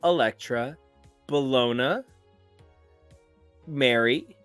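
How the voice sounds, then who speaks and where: A man's voice: mid-range voice, extremely slow, a bit bright, smooth, no echo, soft background music. A man co-hosting a comic book podcast, talking in a playful, theatrical and florid way. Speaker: podcast co-host. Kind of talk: casual comic book chat.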